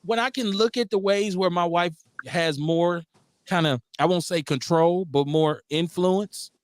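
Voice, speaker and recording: A middle-aged man hosting a casual radio talk show, profane and animated, acting out voices in his stories. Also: high-pitched, a little slow, no echo, studio quality. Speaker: host.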